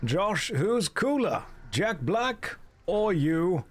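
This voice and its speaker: Man, streamer, dry jokes, answers chat, fairly high voice. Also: sing-song, very slow, husky. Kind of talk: casual chat while gaming.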